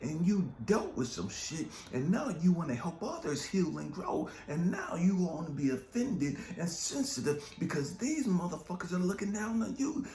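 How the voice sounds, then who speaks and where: A man's voice: sits high, sing-song, moderate pace, hardly any pauses, a little mellow, a little hiss or hum. A man giving an impassioned motivational monologue as a life coach, swearing often and hammering repeated rhetorical questions. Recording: echoey room with faint music.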